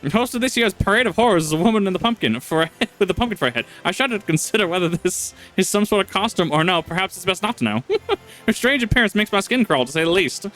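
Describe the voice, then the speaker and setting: A grave, old-timey male investigator, put on by a man who booms his lines like a 1920s radio announcer, a touch high-pitched. Faint game music hums underneath. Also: expressive, fast talker, fairly bright tone. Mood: theatrical. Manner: 1920s announcer delivery, theatrical. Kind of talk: reading game dialogue aloud.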